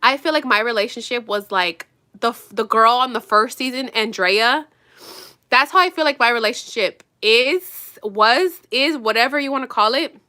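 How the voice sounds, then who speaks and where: A young woman vlogging while getting ready, talking bluntly and with lots of swearing, swinging between loud outbursts and low mutters. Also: moderate pace. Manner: animated, blunt and profane, drops to mutters. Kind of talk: casual get-ready-with-me rant.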